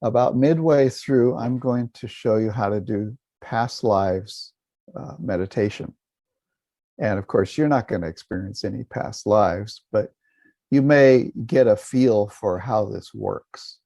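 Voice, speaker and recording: A man leading a guided meditation, talking in a relaxed, unhurried way with some fillers and restarts. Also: lowish voice, vocal fry, no room sound. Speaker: meditation teacher.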